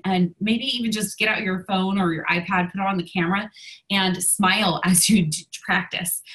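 A woman's voice: mid-range voice, fairly bright tone, low-quality recording. Chatty woman, a little out of breath. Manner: chatty, many ums and restarts. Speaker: sales team leader. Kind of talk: casual video coaching.

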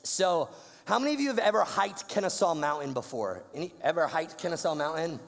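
A man's voice: a little high, lively intonation, brisk, vocal fry, in a large hall. A young man from Georgia, telling a slangy, playful story to a youth audience. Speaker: youth speaker.

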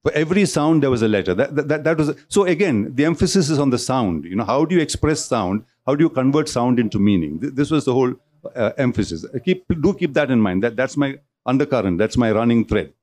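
A man's voice: medium pitch, lively intonation, brisk, darkish tone. Man lecturing with many restarts. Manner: discursive, with frequent restarts and repeated words. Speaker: speaker at a cultural centre talk. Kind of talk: public lecture. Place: lecture hall.

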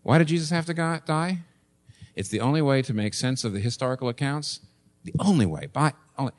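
Earnest preacher, emphatic repetition. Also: male voice, medium pitch, lively intonation, brisk. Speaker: pastor. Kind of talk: sermon.

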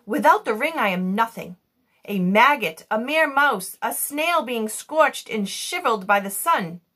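A woman's voice: on the high side, animated, unhurried, sharp tone, slightly rough, exaggerated voice. A woman reading aloud, voicing a small, tearful male genie who laments in grand, flowery phrases. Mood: dramatic lament. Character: small weepy male blue genie, theatrical.

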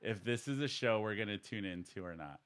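Animated, laughing gay podcast host. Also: male voice, fairly low pitch, brisk. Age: 40s. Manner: animated, laughs often, swears. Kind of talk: casual podcast chat. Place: San Diego area.

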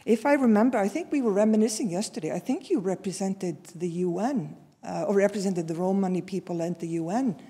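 A woman in her sixties from Iceland, introducing a guest at a seminar in a warm, personal way with restarts and fillers. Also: medium pitch, a little fast, hardly any pauses, husky. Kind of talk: formal introduction speech. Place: lecture hall. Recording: long hall reverb.

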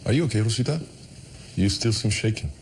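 An actor playing a calm, evasive man in a TV drama. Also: lowish voice, quick pace, a little hiss or hum. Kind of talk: TV drama acting.

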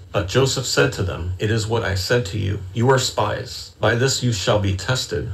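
A man in an online Bible study reading scripture aloud in a steady, measured way, then musing tentatively in discussion. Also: fairly low pitch, gravelly, rough recording. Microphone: online voice call.

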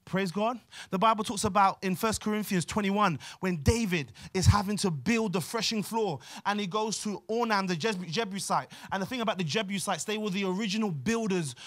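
London pastor preaching, bright voice, punchy repeats, goes quiet sometimes. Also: male voice, high-pitched, fairly quick, hardly any pauses. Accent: London English. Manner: emphatic, repetitive, drops to near-quiet asides. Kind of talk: sermon.

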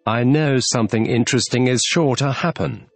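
A man voicing a curious, polite young girl in a storybook reading, gently wondering aloud to herself. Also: mid-range voice, normal speed, creaky, dry recording, soft background music.

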